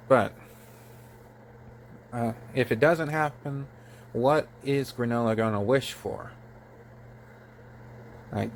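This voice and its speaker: A man hosting his own channel, reviewing a comic chapter in a halting, casual way, full of fillers and restarts. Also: medium pitch, slight background noise. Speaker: channel host. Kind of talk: casual manga review talk.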